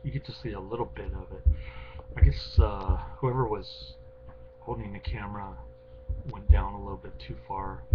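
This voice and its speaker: Low-voiced man rambling through a review. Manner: rambling, full of ums and uhs, offhand and wry. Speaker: movie reviewer. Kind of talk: casual unscripted film review. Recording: dull lo-fi recording with clear background rumble.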